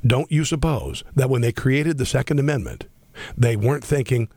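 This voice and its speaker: A man hosting a political talk radio show, sarcastic and combative, talking fast with many restarts. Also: medium pitch, dark tone, slightly rough, no room sound.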